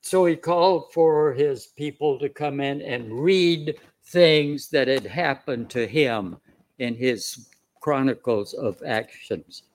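A man's voice: mid-range voice, takes it slowly. A man preaching a sermon, retelling a scripture story in a folksy, conversational way. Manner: folksy, conversational, with chuckles and restarts.

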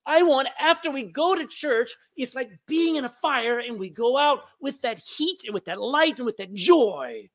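In a church sanctuary, a man from Texas delivers a sermon as his church's pastor, speaking in an extremely high pitch with lively intonation and a fairly bright tone. His pace is normal with few pauses, and his Texan-accented delivery is emphatic, full of repeated words and calls to the congregation.

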